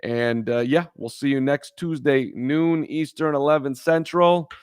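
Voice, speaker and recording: A man's voice: on the high side, unhurried, clean tone, no echo, clean studio sound. A man co-hosting a casual sports podcast, telling a rambling story with lots of restarts. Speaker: podcast co-host. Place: in Chicago.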